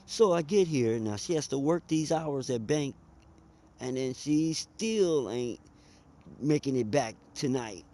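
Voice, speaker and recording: A man's voice: mid-range voice, animated, measured pace, warm tone. A man, telling a personal story in a conversational, emphatic way. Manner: conversational, emphatic, drawls and speeds up.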